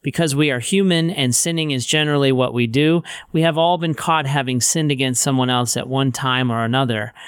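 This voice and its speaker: Middle-aged male author-narrator, steady wry teaching read, clean resonant voice. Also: mid-range voice, brisk, few pauses, clean tone, no room sound, clean studio sound. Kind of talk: audiobook narration of a Christian teaching book.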